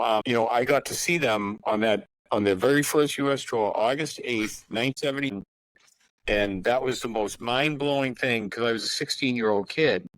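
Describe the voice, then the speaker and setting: A man's voice: medium pitch, no room sound, poor audio. A man in his sixties, a guest musician in a casual podcast interview, telling rambling anecdotes full of asides.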